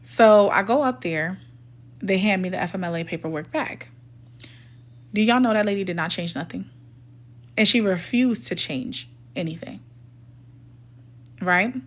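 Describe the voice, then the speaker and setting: Her voice is mid-range, a little slow, with frequent pauses. This storytime vlogger recounts something that happened to her in a casual, emphatic, indignant manner, acting out what the people in her story said.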